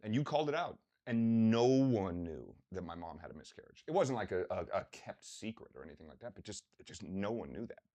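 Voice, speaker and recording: Male podcast host, low-pitched, casual and profane, animated storyteller. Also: brisk, few pauses. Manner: animated storyteller, swears freely, acts out quotes. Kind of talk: casual conversational interview.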